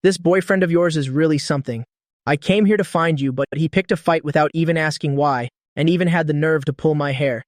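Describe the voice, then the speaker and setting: A haughty, spoiled young man snaps and sulks with resentment, as a man reads him aloud. The voice sits fairly high for a man. It is recorded dry and close, with no room sound. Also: brisk, no echo, close to an everyday voice. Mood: petulant. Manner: petulant, resentful. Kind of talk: audiobook dialogue.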